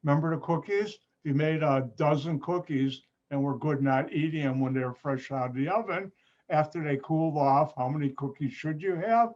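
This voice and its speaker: A man's voice: fairly high pitch, moderate pace, darkish tone. A man, a chemistry professor, teaching an online class patiently, repeating points and adding playful asides. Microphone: computer mic on a video call. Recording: muffled lo-fi video call audio.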